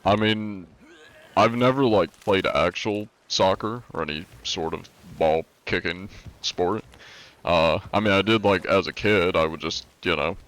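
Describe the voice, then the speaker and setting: A young man with an American accent talks to his live-stream chat in a relaxed, meandering way, filling his sentences with likes and ums. His voice sits very low. He sounds easygoing and unhurried as he answers viewers' questions. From United States. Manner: laid-back, rambling, lots of likes and ums.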